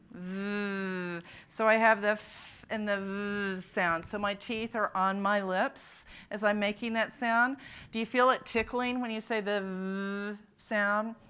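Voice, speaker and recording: A woman's voice: medium pitch, bright, forceful tone. A woman presenting at a literacy conference, demonstrating speech sounds and asking the audience to join in. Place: conference room.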